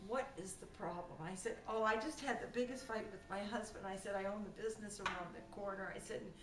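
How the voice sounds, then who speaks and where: Woman telling a story, bright high voice, echoey room, bit far from mic, faint hiss. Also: quick pace. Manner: animated, lively retelling with laughter. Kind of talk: casual storytelling. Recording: roomy sound from off the mic with faint noise.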